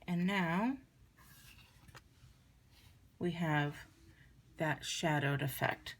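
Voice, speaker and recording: A woman giving a chatty, relaxed card-making tutorial, talking her viewers through each step as she works. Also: sits low, extremely slow. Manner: chatty, relaxed, talks while working. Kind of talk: crafting tutorial demonstration.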